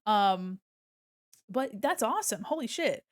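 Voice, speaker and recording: A woman's voice: medium pitch, big pitch swings, unhurried. A young woman streaming as an illustrator, chatting casually with bubbly, giggly greetings to her viewers. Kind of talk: casual livestream chat.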